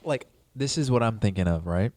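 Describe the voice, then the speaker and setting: Laid-back young man, mellow dry voice. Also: fairly low pitch, animated, brisk, no echo. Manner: laid-back, laughs often, says "bro" and "dude". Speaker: podcast co-host. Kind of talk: casual podcast chat.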